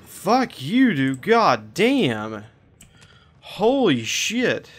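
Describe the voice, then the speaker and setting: A man giving frantic commentary while playing a horror game, swearing and shouting at what chases him. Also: fairly high pitch, wildly swooping pitch, very slow, breathy edge. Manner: panicky, swearing, yelling at enemies. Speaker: gaming video creator.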